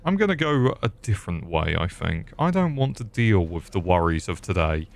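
A man's voice: deep voice, very animated, normal speed, gravelly. A young man doing comedic let's play commentary, sarcastic and swearing, cracking jokes at the game's characters. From England. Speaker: gaming youtuber.

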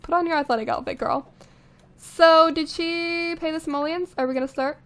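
Young female host, bright high register, easygoing running game commentary with small laughs; clean close-mic sound. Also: fairly even intonation, moderate pace. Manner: chatty, thinking aloud, frequent little laughs. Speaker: let's play host. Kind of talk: casual gameplay commentary. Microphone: studio condenser microphone.

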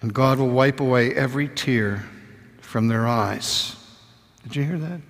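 A man's voice: mid-range voice, a little slow. Older man, preacher, sermon, intimate storytelling, falls to a near whisper, long hall reverb.

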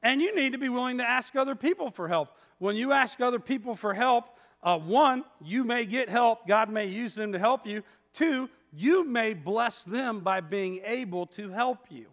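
A man's voice: very high voice, lively intonation, moderate pace, hardly any pauses, a bit bright. A man in his fifties preaching a sermon as pastor, telling stories in a conversational, self-mocking way. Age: 50s. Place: church sanctuary. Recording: long church hall reverb.

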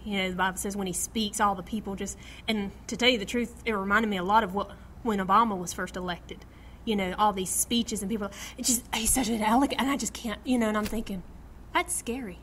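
A woman's voice: medium pitch, a little fast, a little hiss or hum. A middle-aged woman teaching a Bible study to a small group, reading scripture aloud and acting out quotes with laughter. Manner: animated, acts out quotes, laughs often, reads scripture aloud.

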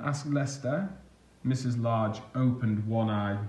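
Slow, expressive storybook reader, a man. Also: medium pitch, roomy sound. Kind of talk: reading a picture book aloud.

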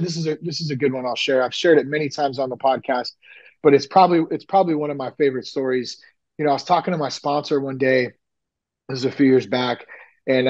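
A man talking candidly as a podcast guest, rambling with lots of fillers and lively retellings. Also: mid-range voice, lo-fi sound. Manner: rambling, frequent "like" and "you know", animated retellings. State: nearly ten years sober. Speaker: podcast guest, recovery coach. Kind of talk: candid conversational storytelling.

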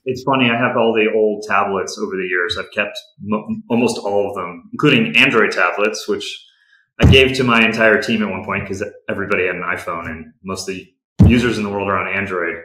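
A man's voice: lowish voice, a little fast, bright, forceful tone, reverberant, low-quality recording. A man who runs a game company, answering interview questions in a candid, practical way and often restarting his sentences.

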